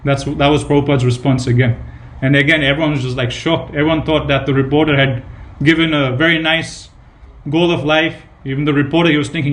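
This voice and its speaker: Guy preaching a temple class, slightly high voice, keeps repeating points, lots of um and you know. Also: fairly even intonation, quick pace, few pauses. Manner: repetitive, emphatic storytelling with fillers. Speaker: speaker giving a scripture class. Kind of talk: devotional sermon with retold anecdotes.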